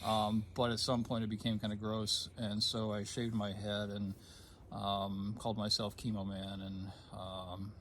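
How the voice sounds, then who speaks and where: A man in his fifties telling a personal story in a relaxed conversation, pausing often with ums and restarts. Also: fairly low pitch, slight background noise. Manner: hesitant, many ums, gets choked up then laughs. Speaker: guest sharing a personal story.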